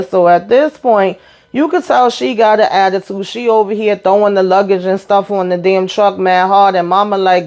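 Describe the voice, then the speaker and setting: A woman hosting her own channel and recapping a reality TV episode in a casual, animated way, swearing freely and acting out what the people on the show said. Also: mid-range voice, normal speed.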